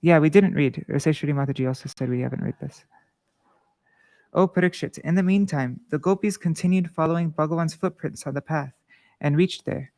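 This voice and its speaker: A man reading devotional scripture and commentary aloud to a class, measured and earnest, with small restarts. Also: a little high, a little mellow, no echo.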